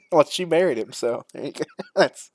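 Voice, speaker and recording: A man chatting as a guest on a live-streamed podcast, joking and mocking himself. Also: on the high side. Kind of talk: casual chat.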